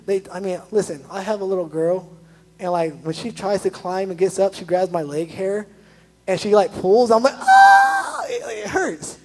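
A young male youth pastor preaches in a loose, conversational way, scattering "like" through his sentences. His voice sits high and has a husky edge. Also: normal speed, poor audio. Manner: chatty, animated, full of "like" asides. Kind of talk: casual sermon.

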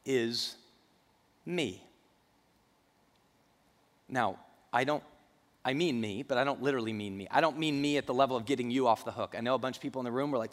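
A man's voice: medium pitch, a little fast, long pauses, long reverb tail. A male pastor preaching a sermon in a church, emphatic and repeating key phrases.

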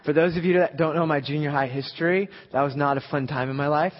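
A man preaching a sermon as a guest speaker, conversational at times and building to loud, emphatic peaks. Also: a little high, fast. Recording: echoey hall, slightly dull sound.

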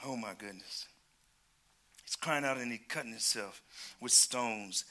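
A male preacher in full sermon, his voice bright, sharp and pressing forward. He calls out to the people in front of him and moves between loud exclamations and low, quick asides. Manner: calls out to the congregation.

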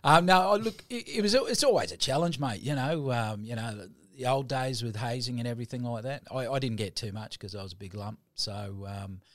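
A man's voice: medium pitch, fairly quick, hardly any pauses, a bit bright, dry recording. A middle-aged man from New Zealand with a Kiwi accent, a guest chatting casually and joking in a laid-back way. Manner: laid-back, jokey, lots of mate and bro. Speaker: podcast guest. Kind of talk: casual chat.

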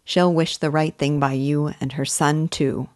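A subdued old village weaver, slow and careful with every word, as a woman reader gives him voice. The voice is low and dry, close to the ear. He speaks gently and without hurry. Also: fairly even intonation, no room sound. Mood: tender. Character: older male village weaver, subdued and tender.

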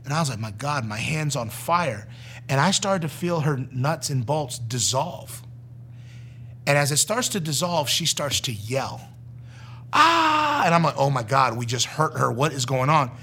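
A middle-aged former youth pastor telling his personal testimony in a lively storytelling way, acting out the voices of the people in the story. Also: medium pitch, moderate pace, a little hiss or hum.

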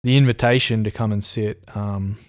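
A man who is a pastor, answering questions in a casual interview, thoughtful and halting, with many fillers. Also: lowish voice, fairly even intonation.

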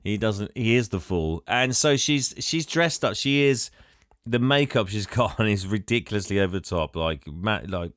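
A man's voice: lowish voice, animated, normal speed, a bit bright, no room sound. A man casually retelling a film's plot on a podcast, laughing often and hamming up the characters' lines. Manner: laughs often, acts out characters in exaggerated voices. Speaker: podcast co-host. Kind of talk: casual film recap chat.

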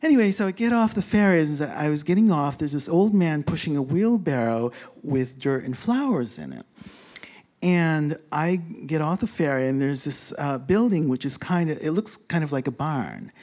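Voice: mid-range voice, big pitch swings, normal speed, darkish tone. A speaker telling a casual travel anecdote, rambling with many fillers and restarts, chuckling along and acting out what others said. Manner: rambling, full of fillers and self-corrections; chuckles while telling, acts out quoted speech. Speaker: storyteller. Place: lives in a big city, abroad on a trip.

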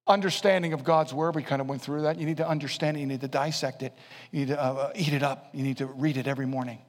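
A man preaching a sermon to young people, animated, dropping to low mumbles when he mimics excuses and rising to shouts. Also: fast talker. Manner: animated, swings from quiet asides to shouting. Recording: long hall reverb.

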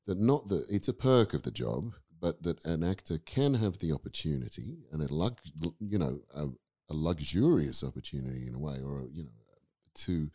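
An Australian man with an exceptionally deep voice talks through his views on acting in a relaxed podcast chat. He is thoughtful and rambling, often restarting his sentences as he works toward a point. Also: moderate pace. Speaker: guest actor and acting teacher. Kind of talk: casual podcast discussion.

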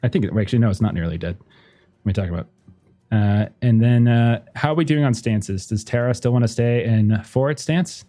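Thinking aloud while running a tabletop game, a male game master fills his talk with fillers and laughs frequently. His voice is medium-pitched and warm at a normal speed, and faint music plays in the background.

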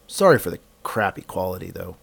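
A man narrating a podcast in a relaxed, musing way. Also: low voice, fairly quick, vocal fry, husky. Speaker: podcast host.

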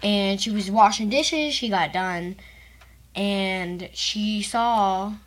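A woman's voice: mid-range voice, slow pace. A young woman from Texas, co-hosting a podcast and retelling a story in casual chat, with lots of fillers. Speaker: podcast co-host, host's daughter.

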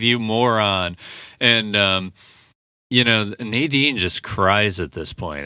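A man's voice: fairly low pitch, bright, forceful tone, smooth, no echo, studio quality. A man hosting a podcast, recapping a TV episode in casual, rambling talk full of "you know" fillers. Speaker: podcast host.

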